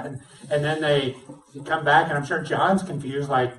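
A male pastor preaching a sermon, retelling a story with lively, acted-out dialogue. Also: a little high, moderate pace, far from the mic. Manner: animated storytelling, acts out dialogue. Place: church sanctuary. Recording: roomy sound, speaker away from mic.

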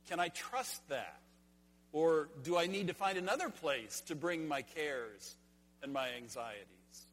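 A man's voice: fairly high pitch, animated, a little slow, fairly bright tone. A man preaching a sermon as pastor, earnest and rhetorical, repeating key phrases and asking the congregation questions. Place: church sanctuary. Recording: long hall reverb.

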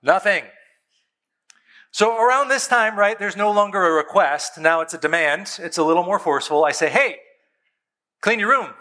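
A man telling a story about being a parent. He talks straight to his listeners with rhetorical questions and acts out himself and his kids, his voice jumping up and down in pitch. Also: moderate pace, bright, forceful tone. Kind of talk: conversational storytelling to an audience.

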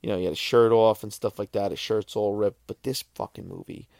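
Gravelly-voiced man reviewing films, swearing freely. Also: on the low side, steady tone, a little fast, a little mellow, no echo. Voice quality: swears freely, rambling with restarts. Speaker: podcast host. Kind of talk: casual film review monologue.

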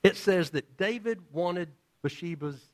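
A man's voice: high-pitched, animated, a little slow. A male pastor preaching a sermon in a casual, storytelling way, acting out the characters in his stories. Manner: casual, storytelling with acted-out voices.

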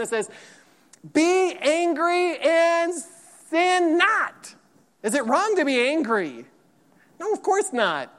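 A man preaching a sermon as pastor, emphatic and lively, repeating points and acting out quotes. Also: extremely high pitch. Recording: long hall reverb.

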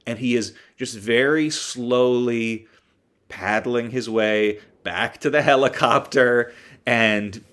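Rambling man recapping a movie. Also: medium pitch. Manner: rambling, joking, with many ums and self-corrections. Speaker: podcast host.

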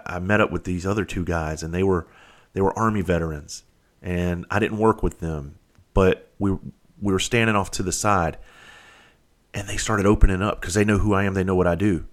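A middle-aged man with a blunt manner, hosting a podcast and telling stories casually, swearing freely and restarting his sentences. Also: low-pitched. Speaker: podcast host. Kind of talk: casual storytelling.

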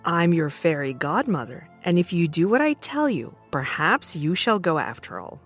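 A woman voicing a kindly old female fairy godmother in a storybook tale, speaking in a high, coaxing voice. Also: very animated, normal speed, slightly rough, faint music behind, exaggerated voice.

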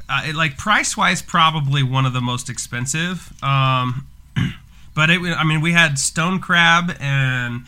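A man in his thirties co-hosting a podcast, chatting casually and telling animated stories. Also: a little high, unhurried, clean tone. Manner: animated storyteller, laughs while telling. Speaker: podcast co-host. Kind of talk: casual chat.

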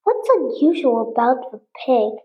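A woman's voice: high-pitched, sing-song, measured pace. A woman reading the lines of a bewildered middle-aged farmer's wife in a storybook, startled and questioning, on a dull lo-fi recording. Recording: dull lo-fi sound.

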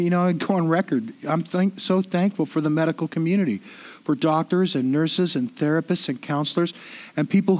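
Middle-aged guy preaching, high-ish voice, chatty and jokey, lots of stumbles and repeats. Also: darkish tone. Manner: conversational and self-deprecating, with frequent repetitions. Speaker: pastor. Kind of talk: sermon.

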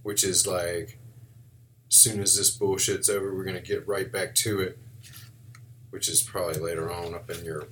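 A man's voice: deep voice, little pitch movement, moderate pace, pauses often, fairly bright tone, slight background noise. A man with a Southern US accent co-hosting a podcast, in laid-back, wisecracking chat with some swearing. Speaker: podcast co-host. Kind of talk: casual chat.

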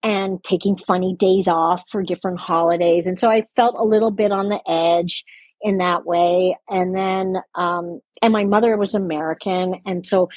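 A woman's voice: lowish voice, steady tone, moderate pace, a little mellow, no echo. An older woman from Canada with a light Canadian accent, a guest reflecting at length in an interview, rambling and correcting herself with small laughs.

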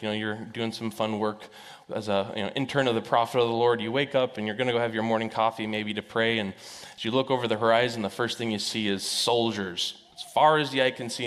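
A man's voice: on the low side, fairly bright tone. A man preaching a sermon as a pastor, telling a Bible story in a loose, conversational way with frequent fillers. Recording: echoey hall reverb.

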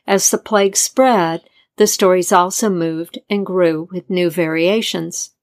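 A woman narrating a folktale and its history in a measured, deliberate scripted style. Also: lowish voice, steady tone. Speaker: storyteller.

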